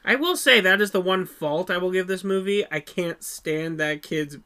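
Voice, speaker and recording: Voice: mid-range voice, moderate pace, bright, forceful tone, smooth. A podcast co-host who talks bluntly, swears casually and often repeats words when starting a thought, in a casual movie review chat.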